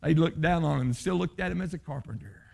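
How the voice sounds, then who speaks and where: A high, gravelly male voice, preaching a revival sermon. He swings wildly in pitch, climbing into shouted, chanting phrases before dropping to a low, quiet tone. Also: animated, fast talker.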